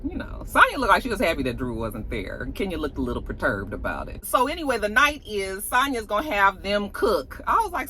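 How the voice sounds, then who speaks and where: A woman recapping a reality show episode in a chatty, gossipy way, with animated asides. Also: medium pitch, a little fast, hardly any pauses, slight background noise. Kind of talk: casual chat.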